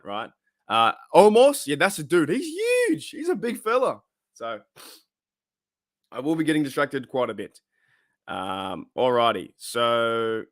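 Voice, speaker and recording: A man's voice: medium pitch, fairly bright tone, no room sound, studio quality. A man with an Australian accent hosting a casual live stream, rambling with lots of fillers as he greets viewers in the chat. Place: his room at home.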